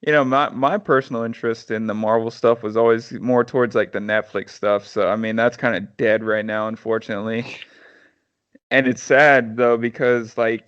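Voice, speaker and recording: A man co-hosting a podcast, chatting casually and rambling, often trailing off quietly at the ends of phrases. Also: medium pitch, steady tone, moderate pace, smooth, dry recording, muffled recording. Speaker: podcast co-host. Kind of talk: casual chat.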